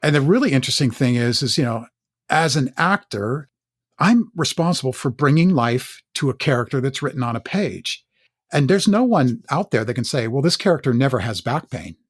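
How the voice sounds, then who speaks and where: A middle-aged man from Northern California, an actor, telling candid stories in a podcast interview in an earnest, halting way that often repeats words. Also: medium pitch, animated, slightly rough, no echo, clean studio sound. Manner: earnest, halting, with frequent word repeats and restarts.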